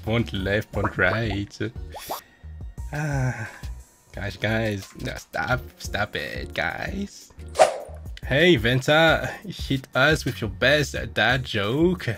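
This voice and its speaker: A man's voice: mid-range voice, expressive, drawn-out words, over music. A young man on a live stream playfully impersonating another streamer, reading chat questions and goofing around. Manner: teasing, goofy, reads chat questions aloud and jokes.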